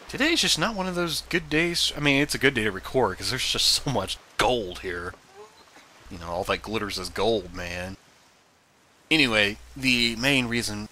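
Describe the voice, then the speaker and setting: A man giving casual, animated commentary over his gameplay, now and then yelling at the game. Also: medium pitch, moderate pace, slight background noise. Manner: animated, bursts into loud excited yelling at the game. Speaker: let's play commentator.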